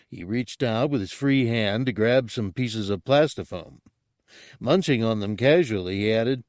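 A man narrating an audiobook in a steady, unhurried storytelling manner. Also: fairly low pitch, no room sound, studio quality.

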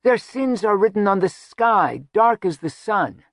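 A man's voice: high-pitched, expressive, fairly bright tone, dry recording, clean studio sound, pitched above the performer's own voice, exaggerated voice. A man voicing a sardonic woman who speaks darkly and mockingly, telling old lore in a storybook reading. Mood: brooding. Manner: brooding, mocking, drawn-out. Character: dark-spoken sardonic woman, lore-teller.

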